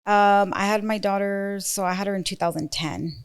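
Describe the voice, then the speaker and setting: A woman telling her own story as a podcast guest, earnest and halting. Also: mid-range voice, steady tone, clear, resonant tone. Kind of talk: casual chat.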